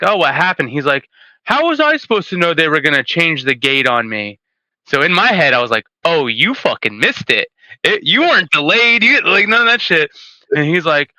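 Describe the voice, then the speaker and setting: A man on a podcast tells a story in a casual, laughing way, acting out what people said. His voice is very bright and crisp, and the sound is dry and close. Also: medium pitch, dry recording, low-quality recording. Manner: storytelling with acted-out quotes, laughing. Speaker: podcast guest. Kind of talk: casual chat.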